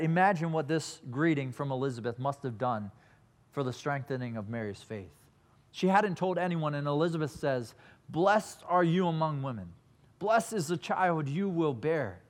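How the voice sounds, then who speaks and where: Man preaching an earnest sermon. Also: a little high. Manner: earnest storytelling preacher, reads scripture aloud. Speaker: pastor.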